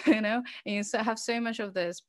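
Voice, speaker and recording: A woman's voice: on the high side, steady tone, brisk, dry recording, clean studio sound. A middle-aged woman, a guest on an interview show, telling a personal story candidly and with feeling, with many fillers and restarts. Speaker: interview guest, organization founder.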